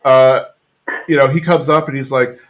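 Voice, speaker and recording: A man hosting a podcast, recapping an episode in an animated, chatty way full of "like". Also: mid-range voice, moderate pace. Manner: animated storyteller, fillers like "like". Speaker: podcast host.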